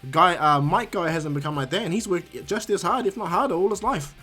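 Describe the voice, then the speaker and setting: A man's voice: sits high, brisk, bright, forceful tone, slightly rough, soft background music, heavily acted. A man voicing a jolly old mentor ninja who teases his student in a hearty way. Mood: teasing. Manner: hearty, teasing.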